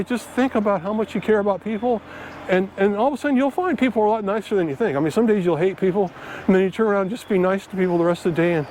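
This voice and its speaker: Outdoors in a park, a middle-aged man vlogs to camera, telling stories in an earnest, rambling way packed with fillers and restarts. His voice sits high with a darkish tone, and faint background noise fills the outdoor ambience.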